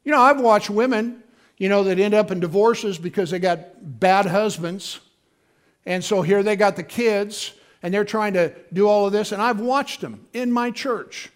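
A man preaching to his congregation in a high, light voice. He talks casually and acts out the voices he quotes. Now and then he breaks into sudden loud bursts. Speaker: pastor. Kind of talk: sermon.

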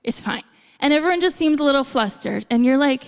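Gravelly woman preaching in a big hall. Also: sits high, lively intonation, brisk. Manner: conversational with playful asides. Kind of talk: sermon. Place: church hall. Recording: long hall reverb.

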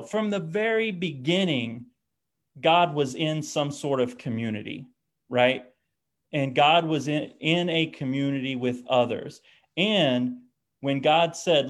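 A man gives a relaxed, informal talk on faith and disability. He often restarts his sentences and checks in with listeners through tag questions. His voice sits a little higher than most men's. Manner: casual, restarts often, tags lines with "right?". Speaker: speaker on disability theology.

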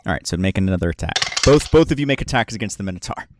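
A man narrating as game master of a tabletop role-playing game, relaxed and hesitant, with many fillers. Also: low voice, very fast, noisy background.

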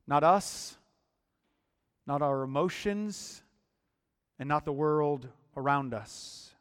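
Slow, resonant preacher in a reverberant hall. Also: male voice, on the high side, clean tone. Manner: deliberate, emphatic preaching with repeated words. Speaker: pastor. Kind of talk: sermon.

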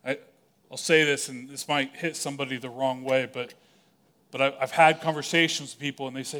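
A man pastor delivering a sermon in a conversational style, with casual asides and quick acted-out quotes. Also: mid-range voice, steady tone, a bit bright.

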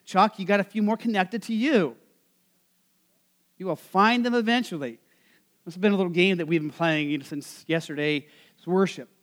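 A man's voice: high voice, moderate pace, long pauses, fairly bright tone. A man from Nebraska preaching a sermon to his congregation in a chatty way, with lots of fillers and questions put to the people in the pews. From Nebraska, USA. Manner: conversational, full of fillers, asks the congregation questions. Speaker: pastor. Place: church service.

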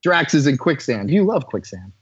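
A man co-hosting a casual podcast chat, recapping a movie in an animated, swearing, filler-heavy way. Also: medium pitch, moderate pace, husky, no room sound, lo-fi sound. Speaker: podcast co-host.

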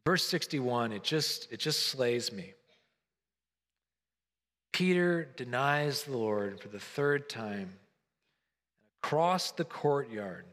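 A man's voice: medium pitch, a bit bright, in a large hall. A man preaching a sermon, retelling a story earnestly and briefly acting out the lines of the people in it.

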